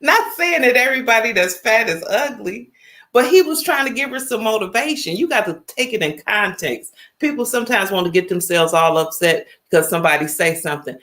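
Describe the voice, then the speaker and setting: A woman in her fifties hosting a casual livestream, talking straight to her viewers in an animated, emphatic storytelling way. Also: fairly high pitch, brisk. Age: 50s. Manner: animated, emphatic, storytelling, addresses chat directly. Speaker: livestream host.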